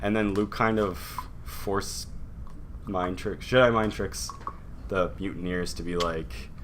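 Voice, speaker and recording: A young man with a low, bright-edged voice tells a story to friends in a loose, rambling way. He keeps dropping into quick put-on voices for the characters. A faint hiss runs under the recording. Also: fairly even intonation. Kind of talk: casual group chat retelling a story.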